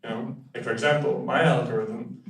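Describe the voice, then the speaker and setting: A young man performs a stand-up set in a comedy club, talking casually and crudely and dropping his punchlines deadpan. His voice sounds a little distant from the mic, and the small room echoes around him. Loud audience laughter and cheers rise up between his lines. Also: mid-range voice, a little fast, vocal fry, very noisy.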